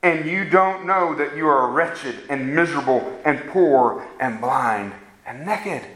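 A man's voice: on the high side, takes it slowly, a bit bright. Fervent preacher man, echoey room. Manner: fervent, rising to emphatic preaching. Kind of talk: sermon.

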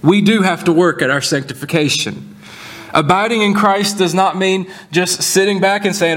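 A man delivering a sermon from the pulpit, his voice sitting a little higher than most men's. He preaches earnestly, slowing and leaning on key words to drive each point home. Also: a bit bright. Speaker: pastor.

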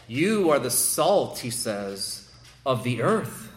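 A man's voice: medium pitch, sing-song, takes it slowly, reverberant, a little hiss or hum. A male pastor delivering a sermon, emphatic and prone to repeating words as he builds a point.

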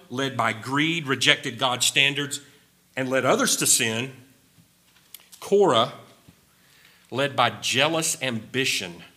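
A man's voice: medium pitch, bright, forceful tone. A man preaching a sermon with emphasis, repeating key phrases and sometimes wandering off his notes. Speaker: pastor.

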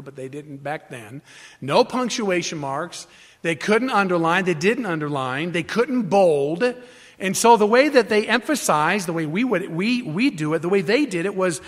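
High-voiced preaching man. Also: fairly bright tone. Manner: emphatic, explanatory, with frequent restarts and fillers. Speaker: pastor. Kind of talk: sermon teaching.

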